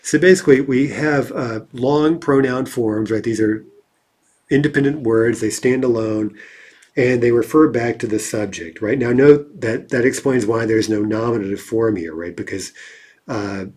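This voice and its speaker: Male language teacher, husky mid-pitched voice, relaxed explanatory delivery. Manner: conversational, reads examples slowly and checks in with "right?". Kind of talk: explaining grammar exercises.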